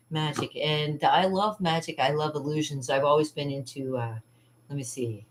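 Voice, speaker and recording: A woman with a deep voice hosts her own channel in a casual vlog, speaking at a moderate pace. She rambles and chats, laughs often, and acts out quotes.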